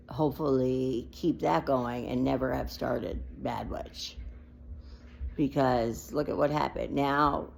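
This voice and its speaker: Low gravelly woman venting near tears. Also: a little mellow, a little hiss or hum. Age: adult with a child. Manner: emotional, rambling, near tears. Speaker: vlogger. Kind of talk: unedited personal vlog monologue.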